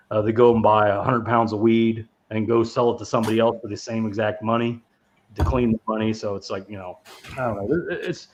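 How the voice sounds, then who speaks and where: A man talks through a movie in a loose, rambling way, cursing often and laughing at his own stories. His voice sits a bit low. The recording sounds dull and lo-fi. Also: a little mellow. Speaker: podcast co-host. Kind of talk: casual movie review chat.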